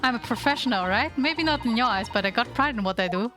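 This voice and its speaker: A woman's voice: on the high side, expressive, quick pace, fairly bright tone. A woman voicing a cocky young female pickpocket who talks back in streetwise slang over game music. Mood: defiant.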